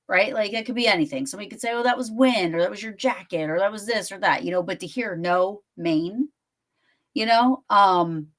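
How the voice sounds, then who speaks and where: A woman hosting a casual interview, chatty and full of fillers. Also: fairly low pitch. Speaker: podcast host.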